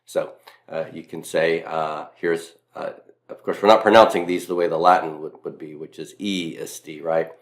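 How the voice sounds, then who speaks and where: A man's voice: a bass voice, steady tone, moderate pace. A man from Mississippi with a Southern accent, giving a recorded grammar lecture as a teacher, stressing and repeating key points with self-deprecating asides. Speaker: Latin teacher.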